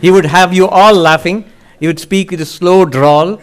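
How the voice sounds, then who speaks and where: A monk lectures on spiritual teaching in a fairly high male voice. He builds his ideas step by step, asks rhetorical questions and answers them, and speaks his listeners' doubts aloud. He often breaks into a short chuckle. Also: moderate pace, smooth.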